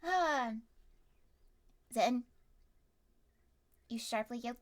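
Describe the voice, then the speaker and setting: A young woman running a tabletop story game as game master, animated and quick to yell and laugh. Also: on the high side. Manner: animated, bursts into yelling and laughter.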